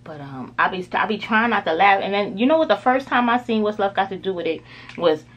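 A woman's voice: medium pitch, animated, a little fast, a bit bright, lo-fi sound. A woman beauty vlogger chatting casually through a makeup tutorial, rambling with lots of filler words.

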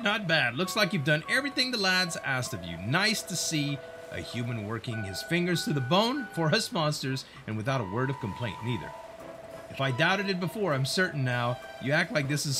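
A man voicing a cocky male skeleton pirate sailor in a put-on British pirate accent, teasing and swaggering. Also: a little high. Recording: game music behind.

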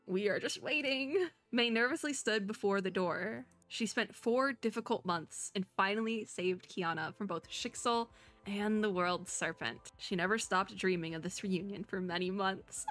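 Bright excitable young woman streamer. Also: medium pitch, moderate pace, soft background music. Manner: excitable, talks back at the characters on screen. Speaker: VTuber. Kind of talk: playthrough commentary, reading story text aloud.

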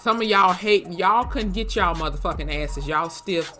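A YouTube host chatting casually in a reaction vlog, slangy, profane and animated. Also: medium pitch, normal speed, faint music behind.

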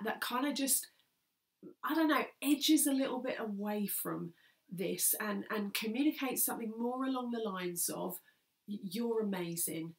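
A woman pastor preaching an earnest sermon, repeating key phrases for emphasis and sometimes dropping almost to a whisper. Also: medium pitch.

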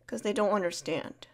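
A woman in a whispered role-play as a caring friend, talking softly and soothingly, repeating comforting words and shushing gently. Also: mid-range voice. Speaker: ASMR creator playing a caring friend.

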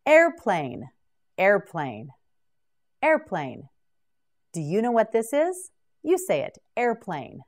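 Her voice at medium pitch, a woman leads a scripted English vocabulary drill, sounding out every word with clear, deliberate care.

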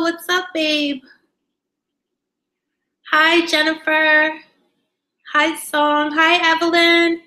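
Casting note: a woman with a bright, sharp voice, bubbly and giggly, greeting her live viewers. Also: sits high. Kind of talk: casual live-stream chat. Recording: echoey room.

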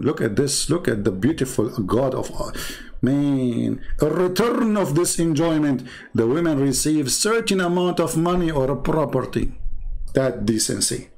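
A man's voice: mid-range voice, poor audio. A man giving sarcastic online commentary in a mocking tone, laughing now and then at his own jokes.

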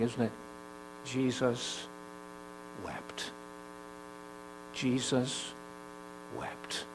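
A male preacher delivering a sermon in a gospel hall, voice at an ordinary middle pitch. He repeats phrases and puts questions to the congregation, surging loud and urgent, then falling slow and quiet. A faint mains hum runs beneath the recording. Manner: emphatic, swinging between loud urgent climbs and soft slow drops.

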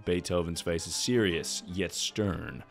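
Playful deep-voiced young man streamer. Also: unhurried, vocal fry, faint music behind. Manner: playful, mocking, often laughing. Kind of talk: comedic reading of an AI chat.

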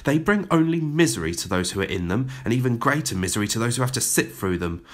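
A man's voice: medium pitch, expressive, fast, lightly acted. A man voicing a stern, very posh headmistress who calls herself "one". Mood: haughty. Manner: haughty, refers to herself as "one".

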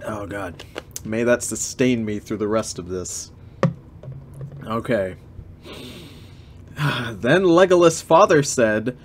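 A man's voice: on the low side, animated, takes it slowly, pauses often, a little hiss or hum. Joking, incredulous male streamer. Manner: joking, incredulous, swears and laughs. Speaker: streamer reading fan fiction. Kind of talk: casual live-stream reading with commentary.

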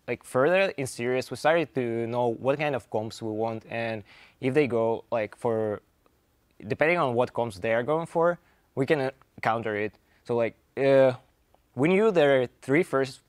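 A young man, slightly hoarse, answering interview questions as a player, rambling with lots of fillers. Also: mid-range voice, no echo. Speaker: esports player. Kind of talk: post-match interview.

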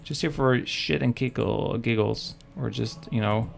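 Male esports caster, joking and chatty, medium pitch, faint music behind. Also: measured pace, creaky. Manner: joking, chatty, talks to the chat. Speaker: game caster. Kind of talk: live esports commentary.

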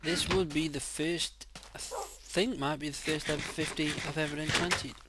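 A man casually commenting on his own gameplay, excitable and quick to swear loudly when frustrated, speaking into a desk mic. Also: a little high, heavy background noise. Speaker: gaming channel host. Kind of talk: casual let's-play commentary.

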